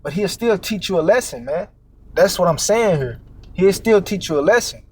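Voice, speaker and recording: A man's voice: sits high, animated, normal speed, slightly rough. A man giving an informal, profane street-style sermon, tagging lines with "man" and "all right?", stammering and repeating words as he searches for what to say. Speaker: preacher.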